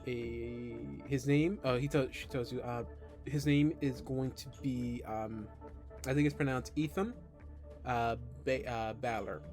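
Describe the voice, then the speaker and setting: A man narrating a tabletop game as game master, halting with many fillers and restarts. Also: mid-range voice, steady tone, a little mellow, faint music behind.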